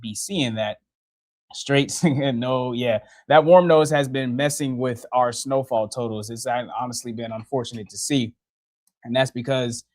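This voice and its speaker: A man's voice: medium pitch, measured pace, no echo. A young man giving a casual live-stream weather update from a TV studio, chatty and laughing often as he works the radar. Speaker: TV meteorologist. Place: TV station studio.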